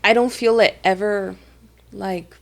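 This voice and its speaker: A woman's voice: mid-range voice, steady tone, slow, gravelly. A woman hosting a podcast, reading listener questions aloud and chatting casually. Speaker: podcast host.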